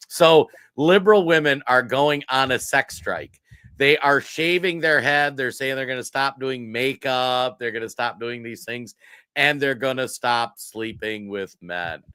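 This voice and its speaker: A man's voice: medium pitch, a little slow, pushed and bright, clean tone, no echo, clean studio sound. A man co-hosting a political talk show, talking casually with mocking emphasis and frequent laughter. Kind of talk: casual commentary.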